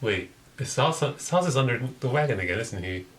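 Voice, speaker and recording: A man playing a tabletop game, chatty and quick to laugh. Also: mid-range voice, lively intonation, noisy background. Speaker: player.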